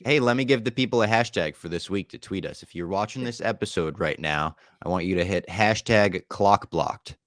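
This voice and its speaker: A man's voice: low-pitched, normal speed, few pauses, no echo, studio quality. A man hosting a podcast, recapping a show in casual chat and telling jokey stories. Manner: animated, jokey storyteller. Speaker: podcast host.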